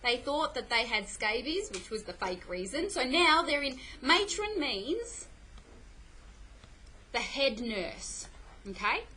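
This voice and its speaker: A woman's voice: high voice, big pitch swings, slow, sharp tone, slight background noise, rough recording. A middle-aged woman teaching a play in a classroom, explaining patiently and often checking "okay?" with her students. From Australia. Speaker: English teacher.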